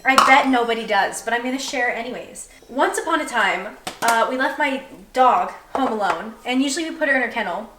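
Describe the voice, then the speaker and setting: Baking in her home kitchen, a young vlogger rambles through a casual, self-deprecating chat. Her voice is on the high side and expressive, running a little fast with few pauses. The recording has a noisy background, a roomy kitchen sound and a mic placed at a distance.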